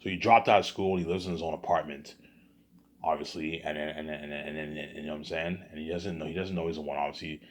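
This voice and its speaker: A man's voice: very deep voice, fairly even intonation, quick pace. A man talking in a casual vlog monologue, rambling and often repeating words and restarting his sentences. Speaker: vlogger.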